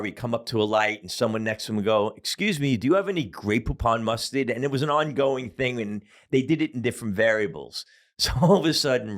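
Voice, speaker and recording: A middle-aged man telling a story as a podcast guest, casual and profane, with many fillers. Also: mid-range voice.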